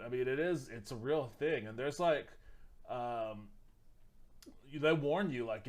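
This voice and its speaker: Male streamer, casual chat, rambling, loose, swears a bit. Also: medium pitch. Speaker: streamer reacting to videos.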